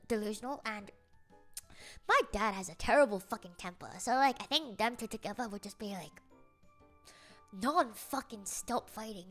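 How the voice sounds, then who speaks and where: Bright, lively young woman telling stories. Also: fairly high pitch. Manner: giggly, rambling, full of fillers. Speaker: streamer. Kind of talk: casual storytelling chat.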